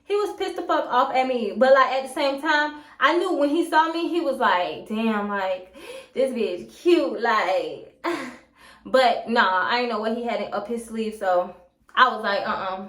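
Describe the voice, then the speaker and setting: A young woman with a high voice tells a story in a sassy, animated way, full of profane asides. She talks casually to her viewers. The sound bounces around an echoey room. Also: moderate pace. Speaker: storytime vlogger.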